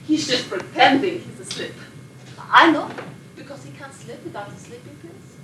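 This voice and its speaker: An actress playing a sleepless Polish émigré actress who rambles and confides, with a Polish accent, recorded from a distance in an echoey room with noise behind. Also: female voice, sits high, lively intonation, moderate pace, pushed and bright. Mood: chatty. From Poland. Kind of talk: film monologue.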